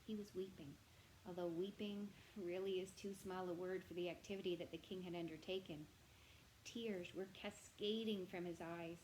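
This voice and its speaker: A woman reading a children's novel aloud in a gentle, expressive way, often speaking directly to the listener. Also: lowish voice, normal speed, a little hiss or hum, rough recording.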